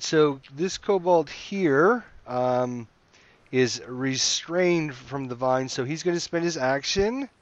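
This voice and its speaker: A man's voice: on the high side, no echo, lo-fi sound. A man running an online tabletop game as dungeon master, explaining rules patiently with fillers and restarts.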